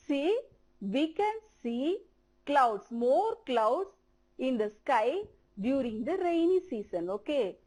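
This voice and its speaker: A woman teacher with an Indian English accent giving a televised primary-school English lesson, speaking slowly and repeating words for children to copy. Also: high-pitched, a little mellow.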